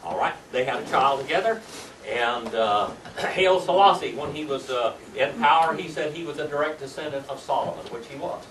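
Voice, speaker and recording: A man's voice: a little high, expressive, fairly quick, fairly bright tone, far from the mic. An older man teaching a Sunday school Bible class, quizzing his students with folksy tag questions. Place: church classroom. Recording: echoey room recorded from afar, faint hiss.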